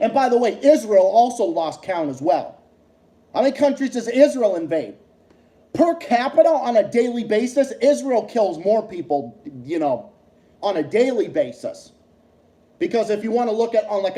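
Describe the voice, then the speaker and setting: A man's voice: high voice, dark tone. Fired-up man ranting, echoey room. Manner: profane, repetitive, heated ranting. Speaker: livestream host. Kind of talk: heated political rant on a livestream.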